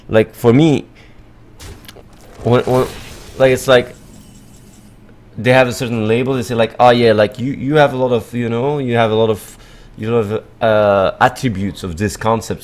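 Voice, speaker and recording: Rambling, blunt man with a low voice. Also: a little mellow. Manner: rambling, repetitive, lots of filler and restarts; blunt, swears casually. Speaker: livestream host. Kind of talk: casual livestream monologue.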